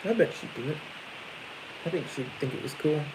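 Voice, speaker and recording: A man's voice: a little high, animated, fairly quick, noisy background. Chatty Midwestern man, rambling. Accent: Midwestern American. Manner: rambling, lots of likes and restarts. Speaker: co-host of a farm livestream. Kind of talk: casual chat.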